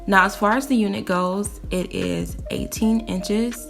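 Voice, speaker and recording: A woman's voice: mid-range voice, measured pace, vocal fry. Chatty young woman vlogger in echoey room. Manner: animated storytelling with laughs, addresses viewers as "you guys". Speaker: beauty vlogger. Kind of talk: casual chatty product review. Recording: roomy, distant mic with faint music.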